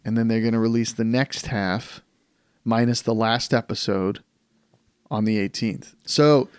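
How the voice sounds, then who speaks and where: A man co-hosting a casual podcast, telling stories in an animated, rambling way with frequent restarts. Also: fairly low pitch, measured pace, clear, resonant tone, no echo, clean studio sound. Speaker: podcast co-host.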